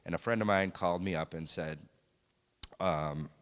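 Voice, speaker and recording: Deep-voiced man giving a halting church testimony. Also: fairly bright tone. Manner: halting, reflective, many pauses and fillers. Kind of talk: personal faith testimony. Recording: long hall reverb.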